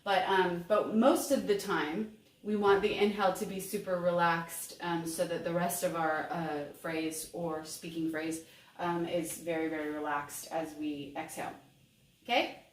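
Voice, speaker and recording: A woman's voice: lowish voice, fairly even intonation, unhurried, far from the mic. A woman giving a voice lesson in an upbeat, encouraging way. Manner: upbeat and encouraging, sings examples. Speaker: voice teacher. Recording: roomy, mic set back, faint ambience.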